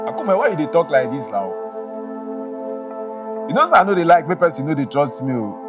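Man playing a smooth-talking Pidgin schemer. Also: fairly high pitch, big pitch swings, a little fast. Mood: coaxing. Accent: Nigerian Pidgin. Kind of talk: comedic drama acting. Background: music.

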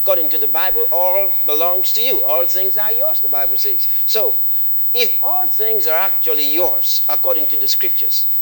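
A man's voice: a little high, fairly bright tone. Preacher questioning his congregation in a reverberant hall. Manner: questions the congregation, repetitive and emphatic. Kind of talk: sermon. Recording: long hall reverb, faint noise.

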